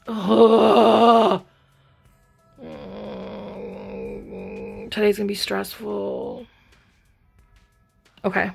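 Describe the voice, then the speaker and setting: A woman's voice: medium pitch, creaky, husky. A young adult woman vlogging casually, talking to herself about her errands in a frazzled way. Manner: frazzled, talks to herself, vents. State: frustrated. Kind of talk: casual vlog chat.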